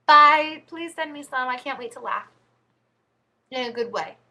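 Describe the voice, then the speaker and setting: A woman's voice: sits high, lively intonation, moderate pace, bright, forceful tone. A woman vlogging, telling embarrassing stories in a chatty, giggly, rambling way. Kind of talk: casual storytelling to camera.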